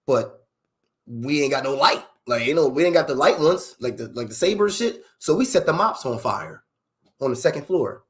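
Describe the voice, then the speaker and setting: A man's voice: medium pitch, expressive, normal speed. A man casually telling a personal story in loose, profane street slang, full of fillers.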